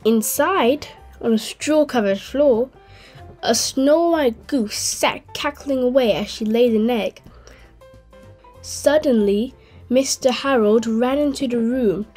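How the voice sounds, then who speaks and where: A woman hosting a channel and reading a children's story aloud in a gentle, clear way. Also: fairly high pitch, takes it slowly, soft background music. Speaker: host and storyteller.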